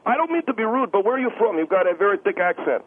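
Rambling high-voiced radio caller. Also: male voice, sing-song, very fast. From Minneapolis–Saint Paul, US Midwest. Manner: rambling, interrupting, hesitant fillers. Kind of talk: heated call-in debate. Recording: tinny phone line with faint noise.

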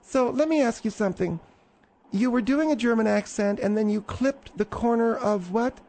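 A man with a high voice hosts a call-in radio show in a chatty, teasing way. He calls his callers dear and honey as he presses them with questions. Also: normal speed, darkish tone. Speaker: radio host. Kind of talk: comic call-in radio banter.

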